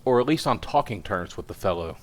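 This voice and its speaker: A man's voice: on the low side, animated, a little fast. A man reading aloud voices a crabbed, kindly old male news editor in a fussy, paternal manner. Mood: musing, eager.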